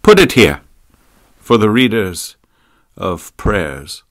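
A man's voice: fairly low pitch, sing-song, slow pace, voice pushed up, heavily acted. A man playing an imperious dying old woman. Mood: commanding. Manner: weak, hushed near-whisper barking orders.

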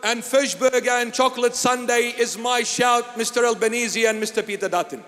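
High-voiced emphatic bishop. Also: male voice, fairly even intonation, long reverb tail, faint music behind. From Iraq. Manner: emphatic, deliberate declaiming, rising to shouts. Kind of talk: sermon-style address.

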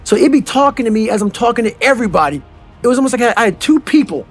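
A man giving a blunt motivational talk, moving between low, brooding passages and loud, fired-up bursts, as a compilation of clips with music underneath. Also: animated, very fast. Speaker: motivational speaker. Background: motivational background music.

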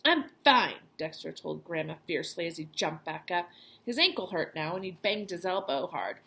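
A woman's voice: lowish voice, normal speed, gravelly. A woman teacher reading a children's chapter book aloud to her class. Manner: expressive storytelling voice.

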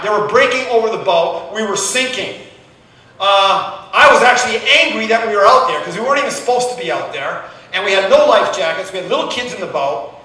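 Man in his 60s, pastor, storytelling sermon style with a sharp tone, distant and roomy convention-hall sound. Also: high-pitched. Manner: storytelling, calling out "Amen?" to the congregation. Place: large echoing convention hall. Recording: echoey hall from far off.

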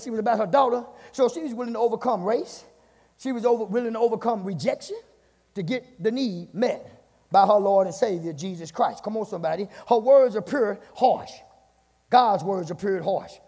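A pastor preaching a fiery sermon, shouting, chanting and calling out to his congregation in a church. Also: high-pitched, creaky, breathy edge. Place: church sanctuary. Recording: long church reverb, congregation faintly behind.

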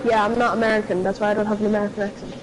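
An Irish woman streaming a game, chatting casually with a teammate, loud and swearing as she calls out to him. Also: medium pitch, level tone, racing, background noise. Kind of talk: casual gaming chat. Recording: music playing behind voice.

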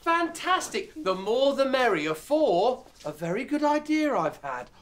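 A man's voice: very high voice, big pitch swings, a little slow, heavy background noise, exaggerated voice. An older man playing a grandfather who cheerfully coaches his dog through letter sounds. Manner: cheery, encouraging teacherly tone. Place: outdoors in a garden and indoors at home.

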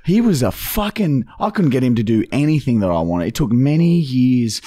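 A man co-hosting a podcast, telling stories in a casual, animated way and swearing constantly. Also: medium pitch, moderate pace, no echo, studio quality. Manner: profane, animated storyteller. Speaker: podcast co-host. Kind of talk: casual chat.

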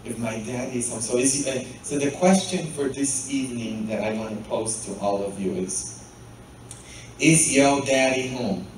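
A man preaching a sermon as pastor, often pausing to ask the congregation "hmm?". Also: medium pitch, darkish tone, a little hiss or hum. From Poland. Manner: asks the congregation frequent rhetorical "hmm?" questions. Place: church. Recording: very echoey church, mic far off.

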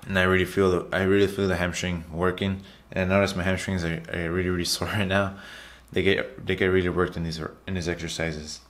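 This man's voice is deep and a bit bright, with a level tone, and he talks a little fast with hardly any pauses. He's a fitness vlogger doing a casual voiceover over his workout clips, chatty and repetitive, forever addressing his viewers as "guys."

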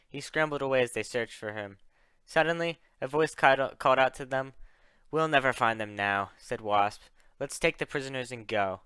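A man's voice: medium pitch, pushed and bright, clear, resonant tone, dry recording. A young man reading a dragon fan story aloud, narrating and raising his voice for each character's lines. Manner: reads all characters, voices raised for dialogue.

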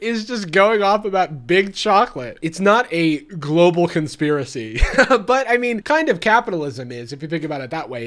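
A man's voice: a little high, sing-song, moderate pace, a bit bright. A young man hosting a comedic reaction commentary, sarcastic and laughing often. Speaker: YouTube host.

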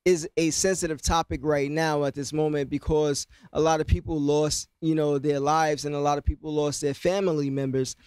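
A man's voice: on the high side, level tone, normal speed, hardly any pauses, darkish tone, clear, resonant tone, no echo. A man casually explaining rap lyrics, half-rapping the lines and then talking them through with lots of "you know what I mean.". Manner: loose, conversational, many fillers like "you know what I mean".

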